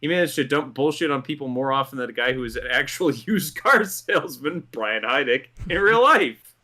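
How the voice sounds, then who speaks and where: A man's voice: medium pitch, fast talker, sharp tone. A man hosting a commentary show, reading a script in an amused tone and laughing through his lines. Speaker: host.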